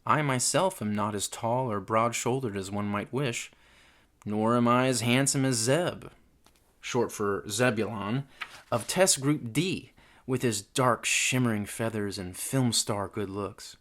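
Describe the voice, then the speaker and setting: A man's voice: medium pitch, measured pace, a bit bright. A man narrating a comic audiobook in a mock-earnest, wry manner.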